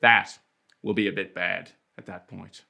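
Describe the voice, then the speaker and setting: A man's voice: sits low, fairly even intonation, a little slow, vocal fry, pushed and bright. A man with a Prince Edward Island accent, delivering a playful, rhythmic comic spoken-word monologue. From Prince Edward Island, Canada.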